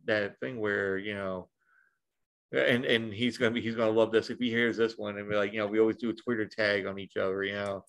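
A man's voice: on the low side, fairly even intonation, a little fast, a bit bright. A man chatting casually on a podcast, rambling with lots of restarts and the odd swear. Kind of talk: casual chat.

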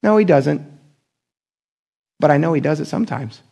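Male pastor, higher voice with gravel, talks to the congregation casually and acts out quotes with pitch jumps. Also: moderate pace. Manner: conversational and animated, acting out quoted voices. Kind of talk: sermon.

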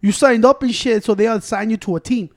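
Chicago mexican-american guy, fast high voice, cussing and mixing spanish into casual stories. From Chicago, USA. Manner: rapid, profane, code-switching between English and Spanish. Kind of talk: casual storytelling chat.

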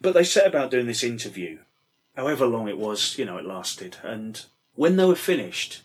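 A man's voice: medium pitch, very animated, normal speed, husky. A middle-aged man telling a rambling anecdote, casually swearing and full of fillers. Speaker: storyteller.

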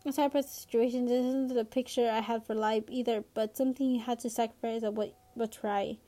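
A woman reading a novel aloud, voicing a tired, patient father in a measured, weary tone. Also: on the high side, steady tone, warm tone, close to an everyday voice.

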